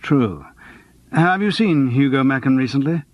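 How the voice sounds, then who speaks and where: A man voicing a low-key, rueful actor who dabbles in detection, in an audiobook. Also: animated, a little slow, a little mellow, no room sound, lightly acted. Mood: subdued. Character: Charles, subdued male actor-sleuth. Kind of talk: audiobook character voice.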